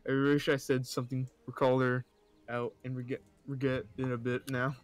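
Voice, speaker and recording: A man's voice: medium pitch, level tone, brisk. A young man casually reading stories aloud, stumbling over words and often breaking into laughter and mocking asides.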